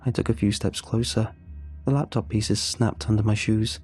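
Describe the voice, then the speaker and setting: Dark, husky male horror narrator. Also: on the low side, steady tone. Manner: measured, first-person storytelling. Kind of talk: scripted horror story narration.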